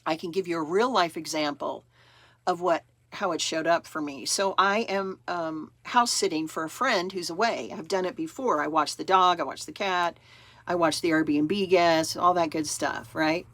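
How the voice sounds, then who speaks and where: A woman's voice: on the low side, moderate pace, a bit bright, dry recording. A woman astrologer talking casually to camera in a chatty, rambling way, acting out her own thoughts as she goes.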